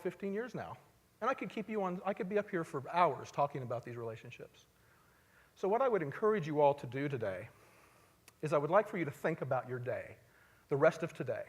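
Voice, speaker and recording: Man telling a story on stage in a hall. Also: fairly high pitch. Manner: conversational, swings between loud emphasis and quiet asides. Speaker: speaker at a live talk event. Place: large hall, on stage before an audience. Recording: long hall reverb.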